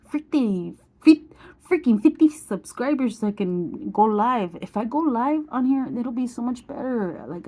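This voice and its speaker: A woman in her forties vlogging candidly to her viewers with a mellow, husky voice. She talks bluntly and openly, gets emotional, and swears without a second thought. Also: on the high side. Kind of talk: candid personal vlog.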